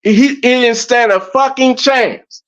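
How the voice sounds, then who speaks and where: High-pitched guy on a podcast, cussing and hammering his points home, muffled lo-fi audio. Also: slow, fairly bright tone. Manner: emphatic, profane storytelling. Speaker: podcast guest. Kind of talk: casual podcast conversation. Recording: dull lo-fi audio.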